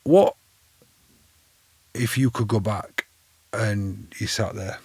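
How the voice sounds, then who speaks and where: A man's voice: on the low side, slow, gravelly, darkish tone, slightly rough, no room sound. A man hosting a candid podcast conversation, speaking directly and encouragingly. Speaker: podcast host.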